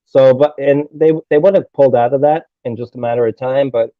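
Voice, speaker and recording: Man, blunt and profane, casual chat, medium pitch, muffled dry sound. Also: fairly even intonation, fairly quick, no room sound.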